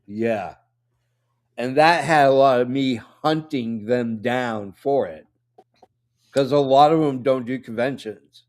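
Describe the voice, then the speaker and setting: A man co-hosting a casual chat, telling an animated story and laughing when he gets nervous. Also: medium pitch, slow pace.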